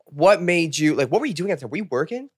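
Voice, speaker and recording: Lively, encouraging male podcast host. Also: fairly high pitch, fast talker, slightly rough. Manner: relaxed, encouraging, many short affirmations. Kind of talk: casual interview.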